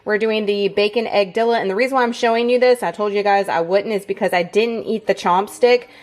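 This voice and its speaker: A woman with a Southern US accent talks through her day in a relaxed, chatty vlog. She speaks at a middle pitch and addresses her viewers directly, calling them y'all. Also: brisk. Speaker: fitness and food vlogger. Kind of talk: casual vlog narration.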